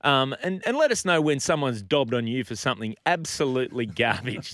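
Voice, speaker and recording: A man's voice: mid-range voice, fairly quick, few pauses. An Australian man co-hosting a radio show, chatting casually and getting worked up, laughing often. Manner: animated, gets fired up, laughs often. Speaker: radio co-host. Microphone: studio microphone.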